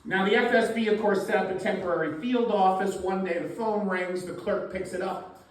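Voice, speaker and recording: A man doing a standup comedy set, telling jokes deadpan and acting out the voices of the people in them. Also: sits high, normal speed. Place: underground comedy club. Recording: very echoey club room, voice from far off.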